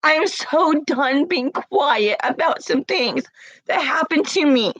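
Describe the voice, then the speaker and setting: A woman's voice: sits high, animated, slow pace, fairly bright tone, no room sound, dull audio. A woman crying as she talks to camera, confronting someone with repeated pointed questions in an emotional rant. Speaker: vlogger.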